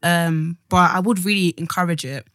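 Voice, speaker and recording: A woman, talking casually on a podcast. Her voice sits a little low, and the recording is close and dry. She chats in slang, trails off and restarts. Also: steady tone, moderate pace, a bit bright, no echo. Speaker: podcast co-host. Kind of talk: casual chat.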